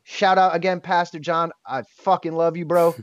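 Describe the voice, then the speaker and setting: A man's voice: on the high side, level tone, normal speed, no room sound. A man in his thirties, a podcast guest telling a personal story candidly, emotional and blunt, swearing casually and restarting often. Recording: dull lo-fi dry sound.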